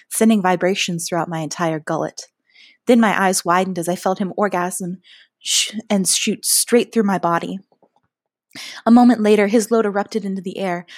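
A woman narrates a first-person story in a soft, hushed voice of middle pitch, sometimes slipping into a breathy whisper. The sound is close and dry, with no echo around it.

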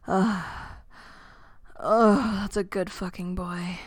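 Woman in a slow, dry whispered role-play. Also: mid-range voice, fairly even intonation, no room sound. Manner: soft, intimate, commanding then tender. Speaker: dominant partner in an audio role-play.

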